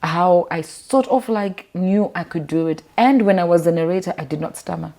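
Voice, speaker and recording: A woman's voice: fairly low pitch, normal speed. A woman from Zimbabwe, chatting at home as an interview guest and animatedly telling stories about her life. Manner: animated, acts out quotes with lively voices. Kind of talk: casual storytelling chat.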